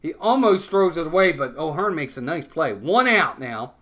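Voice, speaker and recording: A man calling a live baseball game play-by-play, conversational and quick to get worked up over big plays and errors. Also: fairly high pitch. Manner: conversational, excitable on big plays, blunt criticism. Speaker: fan play-by-play commentator.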